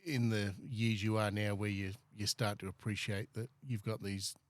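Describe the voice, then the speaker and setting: A man's voice: on the low side, little pitch movement, moderate pace, dry recording. A man hosting a casual podcast chat, encouraging his guest with short affirmations. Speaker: podcast host.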